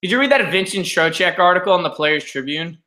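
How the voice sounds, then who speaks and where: A young man co-hosting a hockey podcast, chatting casually with animated, sarcastic rants. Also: sits high, fast. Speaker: podcast co-host. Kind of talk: casual chat.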